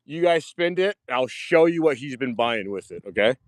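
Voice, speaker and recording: A man giving a casual live-stream tour of his diecast collection, excitable, swearing freely and repeating himself. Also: medium pitch, moderate pace, no room sound. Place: home storage rooms and outdoors at night.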